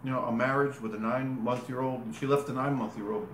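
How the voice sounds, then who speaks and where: A man spins a long, meandering personal story, stopping to fix his words and show movements with his hands. His voice is mid-pitched and ordinary. The room gives it a noticeable echo, with faint ambience behind. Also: steady tone, fast, slight background noise. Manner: rambling, self-correcting, demonstrates with gestures. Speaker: interviewee. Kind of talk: casual storytelling.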